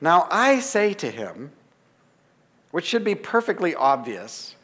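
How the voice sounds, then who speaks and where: A man telling a lively anecdote to an audience, laughing and acting out the dialogue. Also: a little high, slow pace, husky, big-room sound. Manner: lively, chatty storytelling with laughs and acted-out dialogue. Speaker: author giving a talk. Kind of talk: storytelling anecdote to a live audience.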